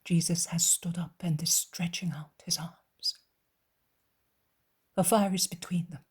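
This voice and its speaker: A woman narrating an audiobook in a soft, near-whispered reading voice. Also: on the low side, fairly even intonation, a little slow, husky. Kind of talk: scripted narration.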